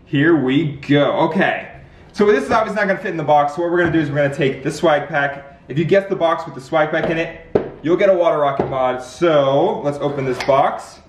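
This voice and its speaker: A young man hosting an upbeat family vlog, talking excitedly to his viewers and cooing at his dogs. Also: fairly high pitch, a little fast, roomy sound, recorded from a distance, slight background noise. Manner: excited, talks to viewers and pets. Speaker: vlogger host.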